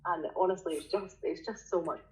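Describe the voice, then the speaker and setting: A woman's voice: on the low side, brisk. A woman with a Scottish accent, a guest in a casual interview, talking bluntly and swearing freely. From Scotland. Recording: dull lo-fi sound with faint noise.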